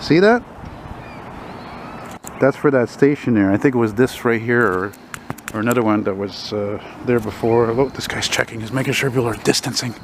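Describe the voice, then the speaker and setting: A man's voice: mid-range voice, normal speed, a little hiss or hum, low-quality recording. A man rambling and swearing as he films a walking vlog on a city street with a handheld camera. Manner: rambling, profane, wry asides. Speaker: vlogger.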